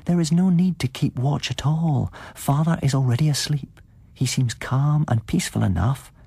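A man's voice: a little high, very animated, brisk, darkish tone, slightly rough, no echo, pitched above the performer's own voice, heavily acted. A man reading aloud, voicing a sweet, fearful young woman in a spoken storybook. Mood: soothing. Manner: sweet, coaxing tone.

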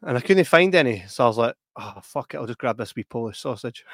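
A man's voice: medium pitch, a little fast, no echo, studio quality. A Scottish man in his thirties co-hosting a podcast, telling stories in casual chat, swearing and laughing often. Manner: sweary, laughing, animated storytelling. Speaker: podcast co-host.

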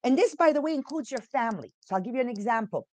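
A woman's voice: on the high side, lively intonation, fast, a little mellow, no echo. Emphatic Montreal woman with Italian-French accent. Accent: Montreal English with Italian and French traces. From Montreal, Quebec. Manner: emphatic and chatty, asks the audience questions. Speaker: podcast host and entrepreneur. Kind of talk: casual motivational podcast talk.

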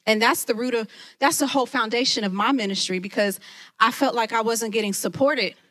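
A woman who leads a ministry, preaching a lively sermon and talking straight to her listeners. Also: fairly high pitch, fairly quick. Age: adult, mother of children. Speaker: women's ministry leader.

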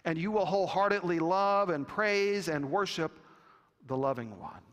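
A man preaching a sermon with a slow, deliberate delivery and long pauses. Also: high-pitched, fairly bright tone. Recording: long reverb of a church hall.

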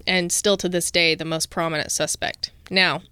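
Smooth-voiced woman telling a true-crime story. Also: on the low side, steady tone, moderate pace, sharp tone. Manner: reads researched notes, breaks into casual asides. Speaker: podcast co-host.

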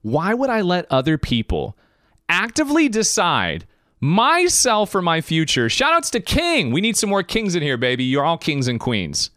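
Animated motivational male streamer. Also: a little high, moderate pace, no room sound, studio quality. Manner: animated, preachy, talks to viewers directly. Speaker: podcast and stream host. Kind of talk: casual motivational talk.

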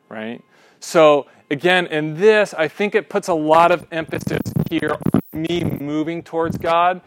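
A young man leading a teaching discussion, animated and often checking in with a quick "right?", sometimes restarting mid-sentence. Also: fairly high pitch, no room sound. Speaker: class leader.

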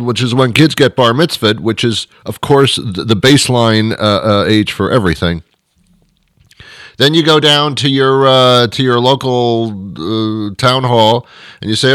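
A man's voice: medium pitch, a little slow, dry recording. Rambling man hosting a dry monologue. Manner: rambling, self-mocking, drifts between quiet asides and louder rants. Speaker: host.

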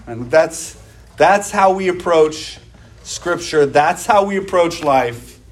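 A man with a fairly high voice delivers a sermon. He speaks in an animated, conversational way and acts out mock voices of gossiping people. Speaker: pastor.

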